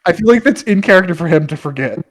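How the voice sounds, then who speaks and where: High-voiced male player, casual and sweary. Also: animated, quick pace, a crowd in the background. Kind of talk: casual tabletop play.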